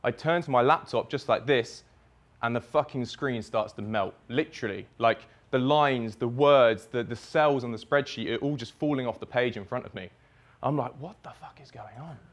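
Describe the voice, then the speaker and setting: A young man speaks at a summit, walking through a personal story step by step in the present tense. His pitch sits in the ordinary middle for a man. His delivery is vivid, with blunt swearing. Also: moderate pace. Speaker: speaker at a fitness business summit. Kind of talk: storytelling keynote talk.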